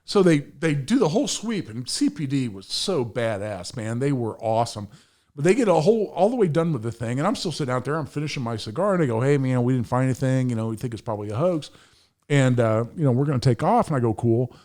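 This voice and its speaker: A man's voice: medium pitch, lively intonation, quick pace, a little mellow. A middle-aged man telling a story as a podcast guest, emphatic and profane, acting out the voices of the people in it. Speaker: podcast guest, firearms attorney. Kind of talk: animated storytelling.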